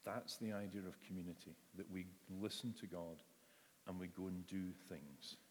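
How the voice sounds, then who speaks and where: A man's voice: deep voice, fairly even intonation, normal speed, a little mellow, slight background noise. A man preaching a sermon in a church, talking in a conversational way and acting out the voices in the story. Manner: conversational, acts out voices in quotes. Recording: long reverb of a large hall.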